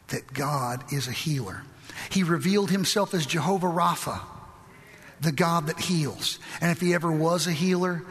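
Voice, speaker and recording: A man preaches in a high, bright voice, pressing his points with fervent conviction and building toward loud exclamations. His words carry a long reverb, as if spoken in a large church hall. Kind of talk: sermon.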